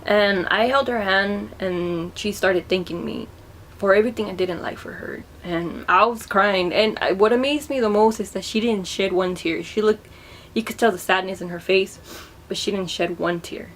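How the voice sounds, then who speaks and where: A young woman recounting a personal memory in a vlog, emotional and halting, often repeating and restarting her words. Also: mid-range voice, a little hiss or hum. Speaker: vlogger.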